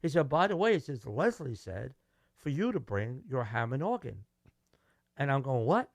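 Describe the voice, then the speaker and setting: A man's voice: medium pitch, normal speed, creaky, dry recording, clean studio sound. A middle-aged man with a Brooklyn New York accent, telling stories animatedly as a musician guest in a casual interview. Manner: animated, acts out quoted dialogue, restarts.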